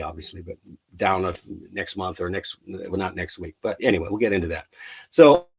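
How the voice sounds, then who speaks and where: A man's voice: fairly low pitch, a little mellow, husky. A man hosting a live English lesson, loose and rambling with many restarts, acting out example phrases with emphasis. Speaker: English teacher, live show host.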